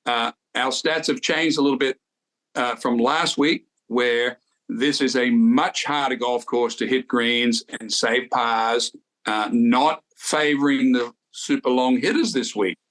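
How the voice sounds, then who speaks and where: An older man with an Australian accent, co-hosting a golf podcast and telling stories from his playing days in a relaxed way. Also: mid-range voice, unhurried, poor audio. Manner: relaxed storytelling with golf detail. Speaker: golf podcast co-host, former tour winner. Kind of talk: casual golf chat.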